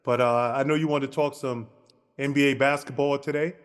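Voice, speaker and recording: A man co-hosting a podcast, telling a lively basketball anecdote and acting out the dialogue. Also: medium pitch, brisk, smooth, long reverb tail. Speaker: podcast co-host. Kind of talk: casual storytelling.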